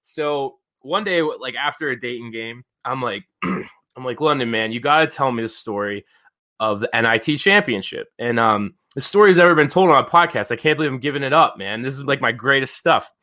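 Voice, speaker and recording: Bright-voiced, animated male podcast host. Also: medium pitch, brisk. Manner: animated, profane, lots of "like" fillers. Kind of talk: casual storytelling chat.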